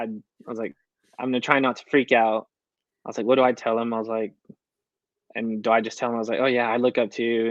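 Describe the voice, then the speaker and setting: A young country recording artist, a guest in a casual interview, rambles through a story and replays his past reactions, often quoting himself with "I was like." His middle-pitched voice is close and dry, with a slightly dull, lo-fi tone and no room sound.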